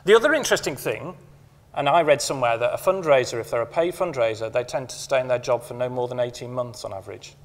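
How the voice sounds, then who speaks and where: A middle-aged man giving a motivational conference talk, emphatic, repeating key phrases and slowing down to stress them. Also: medium pitch. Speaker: conference speaker. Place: conference hall. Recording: long hall reverb from a conference room.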